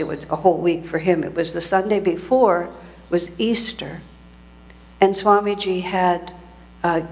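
A woman giving a sermon as a spiritual teacher, telling a story reflectively and often restarting her sentences. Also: on the low side.

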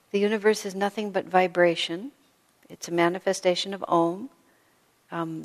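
A woman spiritual teacher giving a gentle storytelling talk to a live audience, full of soft asides. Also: lowish voice. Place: hall with an audience. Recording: long hall reverb.

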